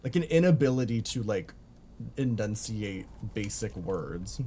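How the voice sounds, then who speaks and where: Swearing Baltimore streamer, lively pitch. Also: male voice, unhurried, a little hiss or hum. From Baltimore, USA. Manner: profane, chatty, reads chat aloud. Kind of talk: casual gaming stream chat.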